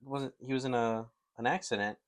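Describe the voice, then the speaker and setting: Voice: mid-range voice, fairly even intonation, brisk. A podcast co-host who teases and laughs in casual chat, often giving short agreeing replies.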